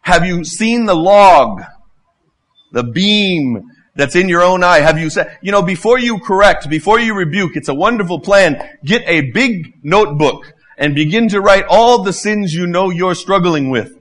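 A middle-aged man preaching a sermon as a pastor, impassioned and full of rhetorical questions and repetition, swinging between loud and hushed. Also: high voice, animated, measured pace.

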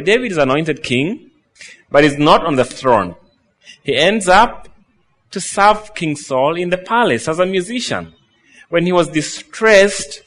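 A man preaching a sermon, reading scripture slowly and then retelling the story with quoted lines. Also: high voice, a bit bright.

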